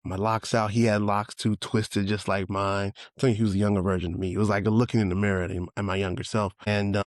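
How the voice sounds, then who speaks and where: A man's voice: fast, no room sound, clean studio sound. A man in his forties with a New York accent, a podcast host telling a personal story in a loose conversational way and acting out quotes. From Brooklyn, New York. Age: 40s. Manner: loose, conversational, acts out quotes with excited higher voice. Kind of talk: reflective casual storytelling.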